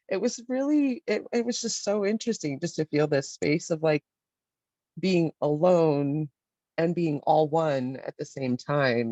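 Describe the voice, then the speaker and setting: A woman sharing an inner experience with a support group, speaking reflectively and hesitantly, often pausing on fillers. Her voice comes through a dry, dull, lo-fi video call. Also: low-pitched, warm tone, dry recording. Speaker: workshop participant.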